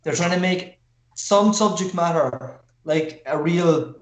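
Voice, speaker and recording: A man's voice: fairly high pitch, slow. A man co-hosting a podcast, chiming in with laid-back, casual remarks. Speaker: podcast co-host. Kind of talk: casual film review chat. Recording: echoey room.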